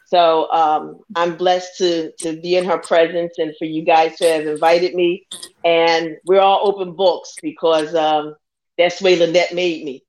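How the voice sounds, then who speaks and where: A woman's voice: lowish voice, level tone, unhurried, darkish tone, rough recording. A middle-aged woman introducing herself on a panel, gracious and a little hesitant. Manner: gracious, hesitant, filler-heavy. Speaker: mother-in-law, panel guest.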